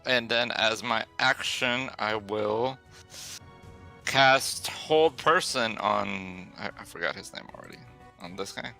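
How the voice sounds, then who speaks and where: A man's voice: fairly low pitch, slow pace, creaky, bright, forceful tone, faint music behind. A man playing in a tabletop game, joking around playfully and describing his character's moves. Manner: jokey, playful, laughs often. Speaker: player. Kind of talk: casual tabletop game play.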